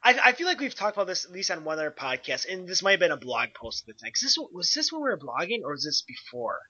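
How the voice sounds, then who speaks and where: A man co-hosting a casual sports podcast, chummy and quick to chime in. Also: sits high, sing-song, bright, forceful tone, breathy edge. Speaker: podcast co-host. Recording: dull, lo-fi audio.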